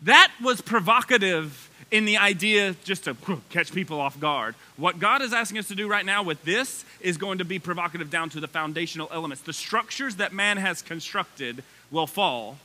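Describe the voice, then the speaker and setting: A male pastor preaching a sermon with energy, his voice climbing high when excited, with casual asides to the congregation. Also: moderate pace, few pauses.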